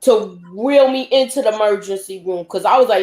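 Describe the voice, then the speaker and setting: A middle-aged woman telling a lively personal story in a casual roundtable chat, acting out the quotes. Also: medium pitch, moderate pace, roomy sound. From Queens, New York. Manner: animated storytelling, acts out quotes. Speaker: panelist.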